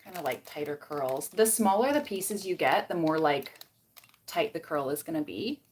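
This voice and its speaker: Chatting casually on a livestream, a young Canadian beauty vlogger curls her hair, reads out comments, and rambles between steps. Her voice is deep and animated at a moderate pace, with slight background noise.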